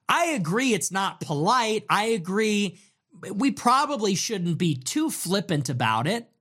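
Impassioned man ranting with lively pitch. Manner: impassioned, exasperated, mocking quotes in raised voice. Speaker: commentator. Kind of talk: political commentary monologue.

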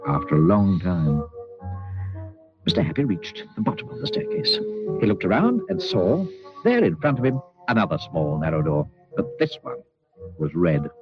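Man narrator, storybook reading, very lively pitch, lowish voice, muffled recording with soft music. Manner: expressive, drawn-out emphasis. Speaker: audiobook narrator.

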